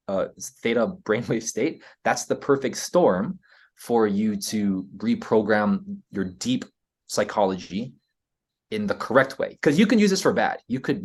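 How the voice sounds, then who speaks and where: A man with an American accent, a podcast guest explaining his ideas in casual interview talk, earnest, often checking in with "right?". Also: fairly low pitch. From United States. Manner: earnest, explaining, frequent "right?" tags and restarts.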